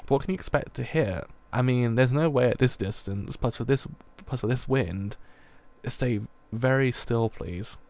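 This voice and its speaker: A man's voice: medium pitch, a little slow, a little mellow, natural voice. A man voicing a tough, defiant young male gang leader while reading a comic aloud, giving cool, clipped orders.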